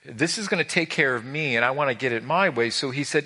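A man's voice: a little fast, few pauses. A man preaching a sermon, telling stories animatedly and acting out quotes. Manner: animated storytelling, acts out quotes with rising pitch. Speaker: pastor.

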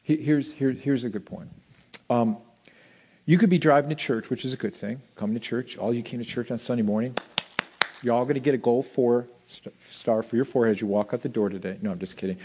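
A male pastor preaching a sermon, swinging between loud emphasis and soft asides. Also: medium pitch, a little fast, husky.

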